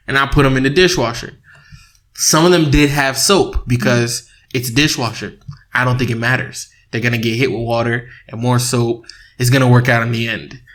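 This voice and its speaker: A young man co-hosting a casual podcast with his wife, telling an animated story, laughing often and acting out both sides of an argument. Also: medium pitch, normal speed. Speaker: podcast co-host. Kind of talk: casual married-couple podcast chat.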